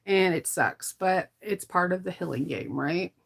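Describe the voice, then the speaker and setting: A woman's voice: lowish voice, measured pace, creaky. A middle-aged woman chatting casually while she sews, laughing often and trailing off mid-sentence, tired as she recovers from an illness. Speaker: sewing vlogger. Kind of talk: casual chat while sewing.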